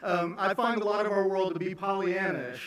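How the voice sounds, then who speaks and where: A man speaking as a son giving a eulogy at a memorial. He is emotional and halting, restarting often between fillers. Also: high-pitched, a bit bright. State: emotional, on the edge of tears. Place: large church sanctuary. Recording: echoey church from a distance.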